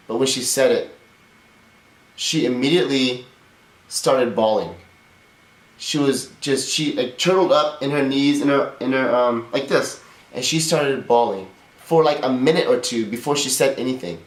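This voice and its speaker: A man's voice: mid-range voice, normal speed. A man in his thirties co-hosting a casual podcast, telling a long personal story in a candid, rambling way with some swearing. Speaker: podcast co-host. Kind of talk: casual conversation. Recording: roomy echo.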